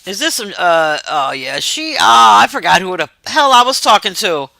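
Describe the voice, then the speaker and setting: A woman's voice: on the low side, sing-song, moderate pace, gravelly, sharp tone, dry recording. A woman hosting a livestream, chatting loosely and reacting to messages from her chat. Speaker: livestream host.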